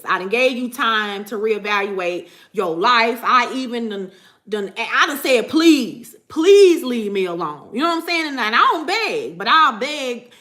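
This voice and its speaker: A woman vlogging casually to her viewers about spiritual matters, animated and profane, laughing often. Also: on the high side. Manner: profane, animated, laughs often, repeats "you know what I'm saying".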